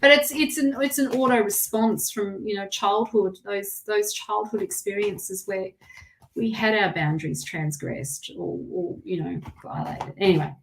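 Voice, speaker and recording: A woman's voice: mid-range voice, measured pace, gravelly. A woman with an Australian accent giving a live tarot reading, chatty and rambling, with lots of restarts. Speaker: tarot reader.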